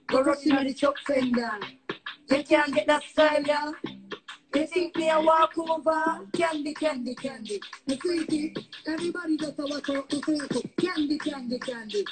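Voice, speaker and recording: A woman's voice: sits high, normal speed, poor audio. A woman with a Jamaican accent chanting a playful song to beatboxing. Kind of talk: singing with beatbox.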